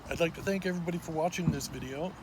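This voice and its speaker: A man of fifty telling a personal story to camera in an animated, excitable way, filmed on a phone. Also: a little high, rapid-fire. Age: 50s. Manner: excitable, animated, with small restarts and laughs. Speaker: vlogger. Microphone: phone on a selfie stick. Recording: loud outdoor background noise.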